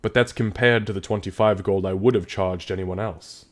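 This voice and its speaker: A man voicing a shrewd cigar-chewing dwarf ore master who bargains in a measured, businesslike way. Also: deep voice, fairly even intonation, voice pushed down, close to an everyday voice. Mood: bargaining.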